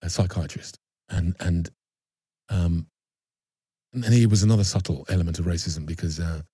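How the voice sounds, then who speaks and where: A man with a very low, dark, husky voice talks through a painful memory. He halts often, repeats words and restarts his sentences. The sound is dry and close. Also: steady tone, moderate pace, no room sound. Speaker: actor guest. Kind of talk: candid personal storytelling.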